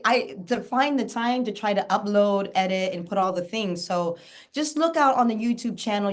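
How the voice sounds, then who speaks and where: A woman guest, a documentary filmmaker, chatting casually and enthusiastically in an interview, with many fillers and run-on thoughts. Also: mid-range voice.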